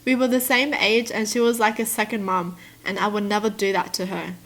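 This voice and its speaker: A young woman reads out stories and reacts to them in animated casual chat, laughing often. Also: medium pitch, brisk. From Australia. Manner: animated, laughs often, slips into mock voices. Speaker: YouTuber reading and reacting to stories.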